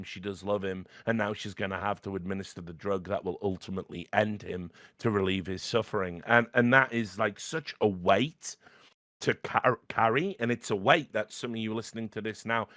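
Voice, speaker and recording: Bright-voiced man rambling about films. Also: on the low side, moderate pace, dry recording, clean studio sound. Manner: rambling, animated, swears often, laughs mid-sentence. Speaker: podcast host. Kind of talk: casual film chat.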